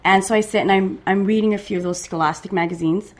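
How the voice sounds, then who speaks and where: Calm woman telling her story. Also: mid-range voice, fast. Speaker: guest parent. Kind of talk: recounting a story in conversation.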